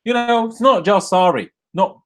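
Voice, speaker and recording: Young man, football rant, live stream, swearing, loud bursts then low mutters, desk mic. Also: normal speed. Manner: angry, swearing, swings between shouting bursts and low muttering. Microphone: desk microphone.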